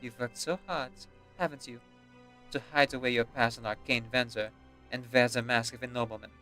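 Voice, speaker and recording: A cool, defiant young noblewoman who stands up to her father, as a man reading a game aloud voices her. The voice is mid-pitched and plain. Faint music sits behind it. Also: fairly even intonation, fairly quick, sharp tone, lightly acted. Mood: mocking.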